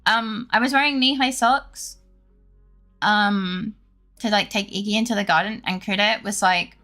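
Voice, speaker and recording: A woman's voice: medium pitch, a little slow, bright, forceful tone, faint music behind. A woman streamer chatting casually with her viewers, rambling and laughing often.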